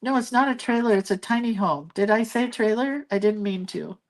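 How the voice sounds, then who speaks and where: A woman with a fairly high voice, talking a little fast, hosts a hand-lettering and doodling livestream. It's casual craft chat: she's chatty and muses aloud as she draws and reads viewer comments.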